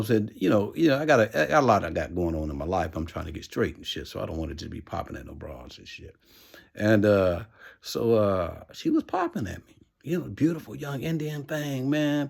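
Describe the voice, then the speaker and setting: A man with a gravelly, husky voice tells a long personal story in a loose, rambling way. He swears freely and keeps circling back with "you know what I'm saying", and his pitch sits in an ordinary middle range. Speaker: vlogger telling a personal story. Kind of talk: casual storytelling monologue.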